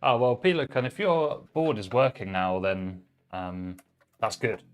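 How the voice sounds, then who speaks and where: Speaking a little slowly in a voice on the low side, this livestream host is putting together a PC. He's chatty and relaxed, talking casually with viewers and reading their messages out loud while he works.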